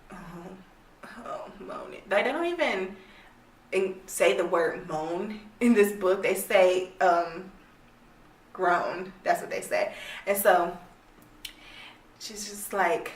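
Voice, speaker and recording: A woman's voice: medium pitch, a bit bright, slight background noise. Young woman, casual rant review, blunt and exasperated, swears, echoey room, distant mic. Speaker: book reviewer.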